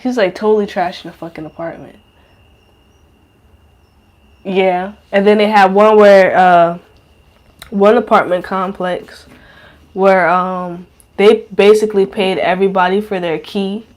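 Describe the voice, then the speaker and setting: A young woman talks straight into a podcast mic in a loose, rambling monologue. Her speech is slangy and heavy with cursing and fillers, and her pitch sits in the middle range for a woman. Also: fairly even intonation, measured pace, pauses often. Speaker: podcast host. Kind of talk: casual monologue.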